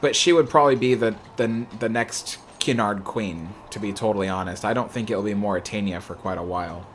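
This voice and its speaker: Chatting loosely on his livestream, a young male host rambles through viewer questions and says "you know" a lot. He speaks in a lowish voice, a little fast, with slight hiss or hum in the background.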